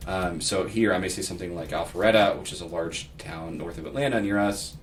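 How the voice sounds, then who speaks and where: A man from Pittsburgh giving a relaxed, think-aloud screen-share tutorial as a real estate agent, reading template text aloud with asides. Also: sits low, brisk, soft background music. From Pittsburgh, United States. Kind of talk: casual screen-share walkthrough. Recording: slightly distant mic with faint background noise.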